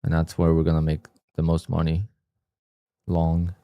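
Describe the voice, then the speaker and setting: A man's voice: extremely low pitch, completely flat delivery, normal speed, warm tone, dry recording, clean studio sound. Frustrated man muttering over his trades. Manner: frustrated, self-scolding muttering with sudden outbursts. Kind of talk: live trading commentary.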